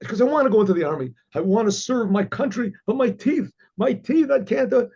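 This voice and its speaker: A man's voice: high-pitched, lively intonation, brisk, darkish tone, breathy edge, highs cut off, pitched above the performer's own voice, full character voice. A man voicing a desperate young man who overplays his complaints of pain, in a told story. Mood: pleading. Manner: pleading, exaggerated complaints.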